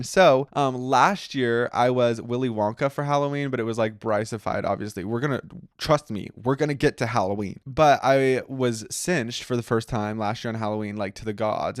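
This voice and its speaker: Chatty young American man, smooth voice. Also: medium pitch, no echo, clean studio sound. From United States. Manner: chatty, lots of "like" fillers, playful and giddy. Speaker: podcast host. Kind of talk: casual solo chat.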